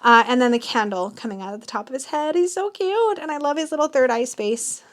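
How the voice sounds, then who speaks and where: A woman in a casual unboxing chat, gushing and excitable, gasping and squealing as she shows off a new tarot deck. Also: a little high, fast talker.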